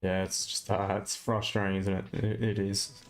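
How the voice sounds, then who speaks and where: A man's voice: sits low, flat delivery, moderate pace, faint music behind. A man with an Australian accent, chatting casually and bluntly on a live trading stream, ranting with mild swearing.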